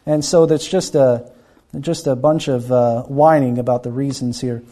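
A man's voice: mid-range voice, steady tone, normal speed, warm tone. A man preaching a Bible-teaching sermon, earnest and often repeating words as he acts out the people he quotes.

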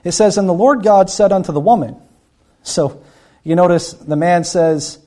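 A man's voice: sits high, normal speed, mellow. A man preaching a Bible-teaching sermon, earnest and often repeating words as he acts out the people he quotes.

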